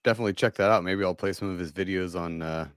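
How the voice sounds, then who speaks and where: A man's voice: sits low, fast, no room sound, studio quality. A man hosting a casual podcast chat, reacting in short profane bursts.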